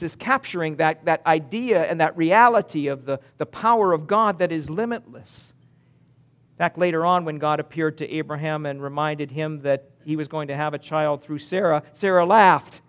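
Male pastor, fairly high voice, sermon delivery, reads verses slowly, punches key words then drops to a near hush. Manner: emphatic, with sudden swings between loud and hushed delivery; reads scripture slowly and deliberately.

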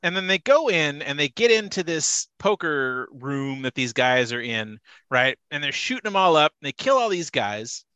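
A man with a fairly high, bright voice talks as a co-host in a loose, rambling way, full of restarts. His pitch rises and falls a lot, and the sound is close and dry with no room echo. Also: very animated, moderate pace, hardly any pauses, clean tone. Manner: rambling retelling with restarts and "you know". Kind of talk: casual chat.

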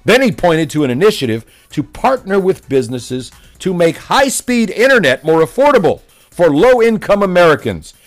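A man's voice: high-pitched, big pitch swings, moderate pace, hardly any pauses, soft background music. A man delivering a combative, mocking political opinion monologue as a commentator. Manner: mocking, combative, name-calling.

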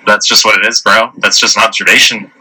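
Low, bright-voiced profane man. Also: flat delivery, fast, slightly rough, low-quality recording. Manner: profane, rambling, heavy use of filler words. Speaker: man leaving a voice message. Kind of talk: casual storytelling.

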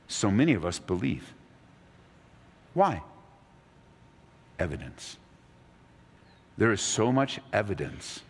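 Low-voiced man preaching in a reverberant hall. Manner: animated preaching, voice climbing high when excited. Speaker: pastor. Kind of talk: sermon. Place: church hall with audience.

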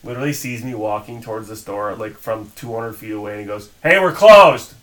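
A man's voice: fairly low pitch, fast talker, poor audio. A man co-hosting a casual podcast, telling a long story in a profane, exasperated way and acting out the people in it. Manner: animated retelling with quoted voices. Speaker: podcast co-host.

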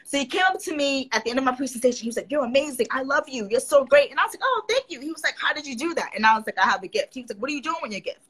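A woman's voice: sits high, very fast, hardly any pauses, slightly rough, low-quality recording. A woman guest in a casual interview, telling stories animatedly and acting out what others said. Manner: animated, quotes others in put-on voices.

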